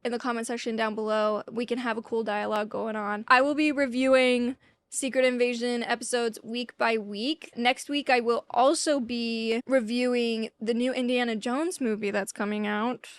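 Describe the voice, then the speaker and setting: A woman's voice: on the high side, fairly even intonation, moderate pace, clear, resonant tone, dry recording. A young woman with a slight Southern US accent, reviewing a show to camera at home in a chatty way full of "like" fillers. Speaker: YouTube reviewer. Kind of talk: casual chat to camera. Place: at home in Texas.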